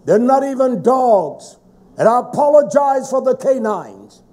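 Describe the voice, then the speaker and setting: A man preaching a sermon in a fervent, emphatic way, with sudden shouted stresses. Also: very high voice, very animated, unhurried.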